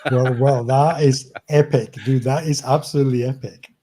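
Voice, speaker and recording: Mellow-voiced supportive interview host. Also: male voice, mid-range voice, steady tone, normal speed, slight background noise. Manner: sympathetic, supportive listener, repeats words when he starts. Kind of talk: casual conversation.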